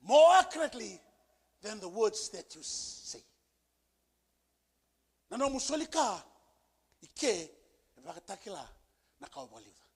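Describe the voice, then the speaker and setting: A male pastor preaching a sermon with emphasis, repeating key phrases and building to shouted peaks. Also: sits high, sing-song, normal speed, pauses often, husky. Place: church service.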